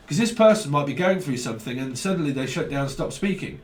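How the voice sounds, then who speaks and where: A man's voice: a little high, fast talker. Rambling man reading tarot. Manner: rambling, animated, frequent swearing and slang. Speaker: tarot reader. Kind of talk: casual tarot reading monologue. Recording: roomy sound from a mic at a distance.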